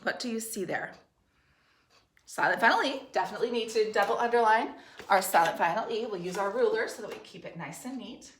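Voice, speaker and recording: A woman teacher leads a spelling dictation for third graders, spelling out words letter by letter in a slow, clear and encouraging way. Her voice sits at a middle pitch, and the room around her gives it a noticeable echo. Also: a little hiss or hum. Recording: roomy echo.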